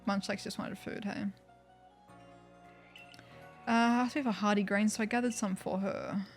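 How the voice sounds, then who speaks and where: A woman's voice: medium pitch, fairly even intonation, a little slow, faint music behind. A woman streaming a video game, chatting casually, thanking viewers and making wry asides. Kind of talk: casual livestream commentary.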